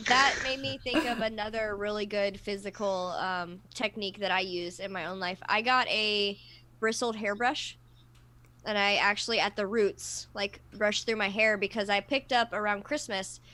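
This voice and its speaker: A woman's voice: medium pitch, fairly even intonation, moderate pace, pushed and bright. A woman co-hosting a casual podcast panel chat, telling stories animatedly and laughing often.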